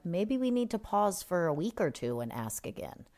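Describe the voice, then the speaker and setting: A woman's voice: lowish voice, animated, normal speed, hardly any pauses. A woman co-hosting a recovery podcast, speaking casually and reflectively, explaining ideas through everyday examples. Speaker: podcast co-host.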